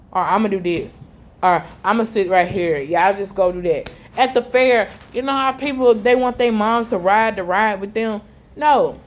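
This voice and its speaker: A young woman, telling a heartfelt personal story in a repetitive way that often trails off low and quiet. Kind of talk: emotional personal testimony.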